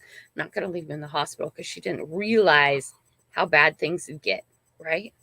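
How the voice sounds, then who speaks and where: Gravelly-voiced grandmother telling a story. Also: low voice, fairly quick, pushed and bright, no room sound. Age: older. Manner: rambling, emphatic, frequent "right?" and "okay?". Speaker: channel host. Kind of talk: casual livestream storytelling.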